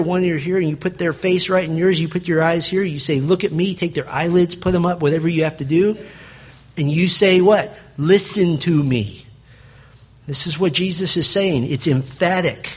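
A man with a slightly raised, husky voice delivers a sermon. He moves between reading scripture aloud and explaining it in an emphatic, conversational way. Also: on the high side, a bit bright. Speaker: pastor.

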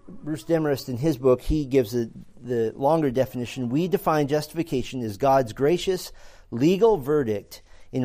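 Mellow-voiced man teaching theology. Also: medium pitch. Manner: earnest, repeats words while thinking, many fillers. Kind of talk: classroom lecture.

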